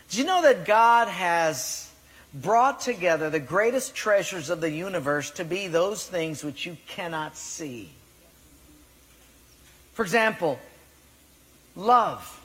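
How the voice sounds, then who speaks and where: A man preaching from a church sanctuary, his voice sitting notably high for a man. Long reverb trails after his phrases. He presses up on key words, then sinks to a quiet hush. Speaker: pastor. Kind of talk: sermon. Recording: long reverb of a large hall.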